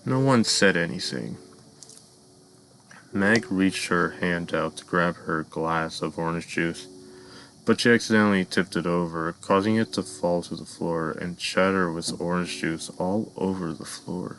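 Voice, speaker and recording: Man, very deep voice, measured narration, dark fan story, faint background hum. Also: low-quality recording. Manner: measured storytelling, addresses listeners.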